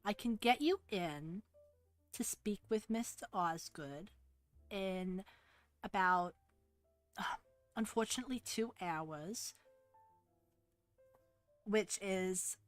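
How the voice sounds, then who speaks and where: A woman's voice: medium pitch, no room sound, faint music behind, close to an everyday voice. A woman voicing a chatty, gum-chewing receptionist with a New Jersey accent in a tabletop game. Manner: brisk, friendly, calls people doll. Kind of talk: tabletop role-play.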